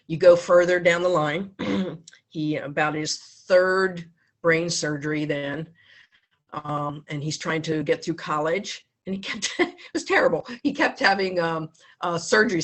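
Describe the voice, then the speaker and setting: A woman in her fifties giving a heartfelt speech at a club meeting, telling a personal story with pauses and restarts. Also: fairly low pitch. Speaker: foundation speaker at a club meeting.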